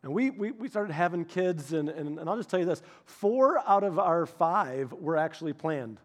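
A middle-aged male pastor preaching a sermon, telling personal stories in an animated, humorous way with frequent restarts. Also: fairly high pitch, normal speed.

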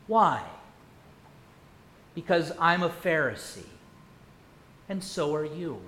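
A male pastor preaching a sermon, firing rhetorical questions and swinging from loud to hushed. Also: a little high, expressive, slow pace, a little hiss or hum. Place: church sanctuary. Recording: echoey church room.

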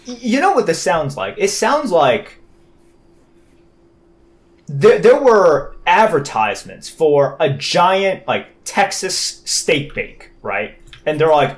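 A man with a high voice rambles through a playful analogy on a game podcast. His pitch bounces around as he goes. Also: big pitch swings, slow. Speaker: podcast co-host. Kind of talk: casual game discussion.

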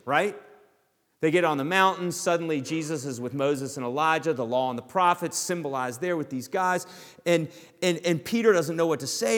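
A man preaching a sermon, emphatic, slowing and dropping to a hush on key words. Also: fairly high pitch. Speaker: pastor. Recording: long hall reverb.

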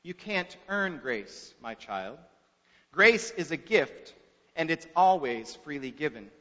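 A man voicing a calm, stern older school principal who speaks in a measured, solemn way, heard in an echoey hall on a dull recording. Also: fairly high pitch, exaggerated voice. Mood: gentle. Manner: measured and solemn, sometimes hushed.

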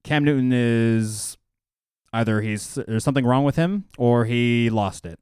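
A man's voice: medium pitch, measured pace, a little mellow, smooth, dry recording, clean studio sound. A man co-hosting a casual fantasy football chat, talking loosely with lots of fillers and restarts. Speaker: podcast co-host.

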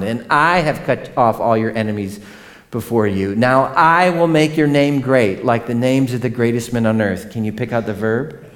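A man in his thirties preaching a sermon, conversational and animated, often turning to ask the congregation questions. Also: fairly low pitch. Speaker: pastor.

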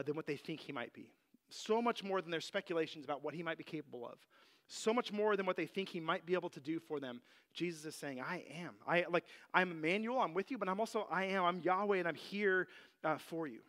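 High-voiced man giving a casual sermon. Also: a bit bright. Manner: conversational, with many fillers like "like" and "you know". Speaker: Bible teacher. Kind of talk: casual sermon on a Bible passage.

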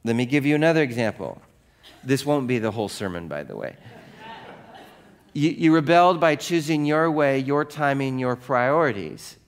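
A man's voice: medium pitch, expressive, moderate pace. Conversational pastor man preaching. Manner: conversational, asks the congregation questions, acts out quoted voices in anecdotes. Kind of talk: sermon.

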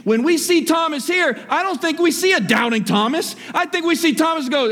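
A man preaching a sermon to his church, swinging between rising exhortation and hushed, low asides. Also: very animated, fast, few pauses. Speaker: pastor. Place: church hall. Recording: long hall reverb.

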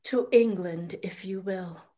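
A woman playing a grieving noble mother wild with sorrow in a classical stage drama, swinging from loud cries to hushed whispers. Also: a little high, slow. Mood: anguished.

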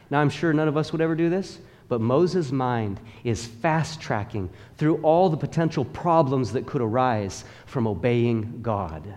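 A man's voice: medium pitch, a little mellow. A male pastor preaching a sermon in a church, with emphatic, rhythmic repetition and calls for the congregation to repeat after him. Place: church sanctuary. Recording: long reverb of a large hall.

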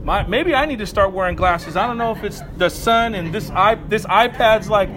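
Man, high voice, casual animated sermon, outdoors, faint background noise. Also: moderate pace. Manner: conversational, animated, self-correcting asides. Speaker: preacher.

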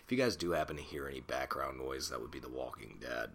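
A man's voice: a bass voice, fast talker, creaky, a bit bright, a little hiss or hum. A man in his twenties hosting a solo podcast on a desktop mic at home, rambling and self-conscious, swearing casually. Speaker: podcast host. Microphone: desktop USB mic.

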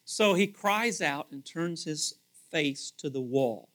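A male pastor delivering a sermon in a casual, talkative way, his voice sitting a little higher than most men's. He repeats phrases as he thinks aloud, pushing some words out loudly and dropping others to a hush. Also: slow. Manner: conversational, animated preaching with frequent repetitions; swings between loud emphasis and hushed asides.

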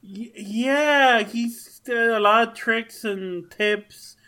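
A man's voice: extremely high pitch, drawn-out words, bright, forceful tone, clear, resonant tone. A man joking around crudely as a podcast co-host in casual banter. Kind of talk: casual chat.

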